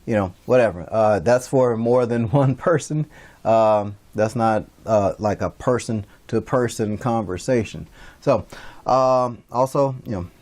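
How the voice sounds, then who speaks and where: A man's voice: fairly low pitch, darkish tone. A man giving a recorded online lecture as an instructor, talking casually with many fillers and restarts.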